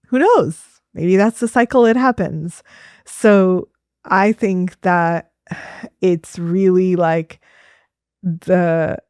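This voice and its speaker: A woman, a fertility doctor, telling stories in a casual interview, lively and laughing often, with many fillers. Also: fairly low pitch, no room sound, clean studio sound. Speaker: fertility doctor as podcast guest.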